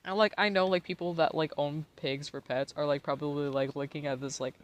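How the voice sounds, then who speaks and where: A man's voice: fairly high pitch, fairly even intonation, a little fast. A tipsy man live-streaming a game, giggly, swearing and rambling to his chat. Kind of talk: casual live-stream chat while gaming.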